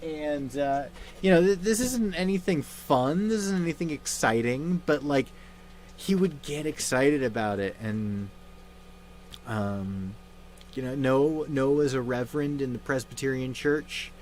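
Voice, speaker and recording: A young man hosting a livestream, talking in a halting, subdued way with many fillers and restarts, grieving and somber. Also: mid-range voice, darkish tone, slight background noise. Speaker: livestream host. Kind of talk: casual livestream chat.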